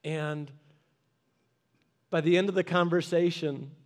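A man's voice: on the high side, fairly even intonation, takes it slowly. A man preaching a sermon as a pastor, weaving in a personal story and urging listeners with short repeated commands.

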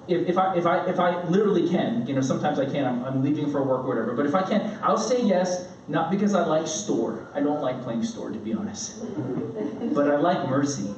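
This thirty-something pastor delivers his sermon through animated family anecdotes, doing playful impressions of his children shouting. His pitch is a little high, and the audio is dull and distant with a roomy feel and faint background noise.

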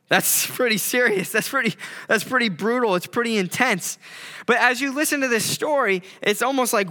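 A man's voice: extremely high pitch, moderate pace, pushed and bright, long reverb tail. A man preaching a sermon in a conversational way, retelling a parable with quoted voices. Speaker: pastor.

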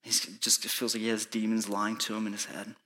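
A man preaching a sermon, telling a personal story with urgency, sometimes hushed and sometimes pleading. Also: lowish voice, completely flat delivery, fairly quick. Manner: urgent pleading, rising to shouting in reenacted moments; soft and hushed when recounting prayer. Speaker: pastor.

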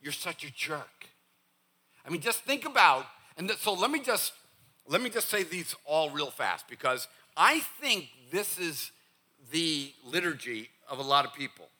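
A man preaching a sermon in church, casual and animated, acting out the sharp things people say at home. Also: a little high, normal speed. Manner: animated, acts out scolding parents. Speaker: pastor.

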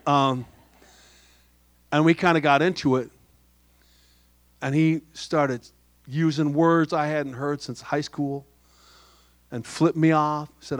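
A middle-aged man preaching a sermon, soft-spoken, telling a personal story with humor and quoted dialogue. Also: a little high, fairly even intonation, a little slow, pauses often, no room sound. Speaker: pastor.

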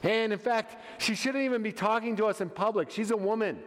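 A man's voice: sits high, fairly quick, fairly bright tone. A man playing impatient, annoyed male disciples who brush someone off, in a hall with long reverb.

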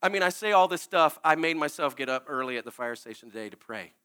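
High bright-voiced earnest male preacher. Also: expressive, fast talker, clean tone. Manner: emotional, tearful at times, candid and earnest with frequent restarts. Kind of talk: sermon.

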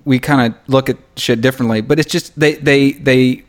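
Southern male writer, casual talk, halting restarts, quick laughs. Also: medium pitch, fairly even intonation. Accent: Southern American. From American South. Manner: halting, repeats words, laughs often. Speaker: writer, podcast guest. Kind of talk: casual conversation.

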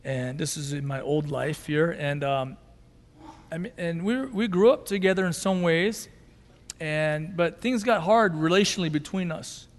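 Male pastor, high voice, emotive sermon delivery, long hall reverb. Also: measured pace. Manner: emotive preaching, swinging from loud intensity to quiet softness.

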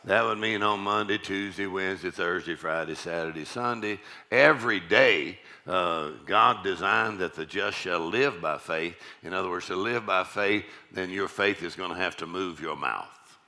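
A man with a deep voice preaching a sermon, repeating his key lines and calling out "amen" to the congregation. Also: normal speed, hardly any pauses, sharp tone.

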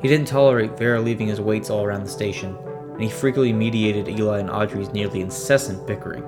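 A man narrating a first-person story in a steady, measured way. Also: on the low side. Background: faint music.

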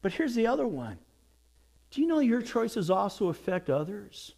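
A man preaching a sermon as pastor, telling stories and jokes with lively acted quotes. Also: high voice, normal speed, vocal fry.

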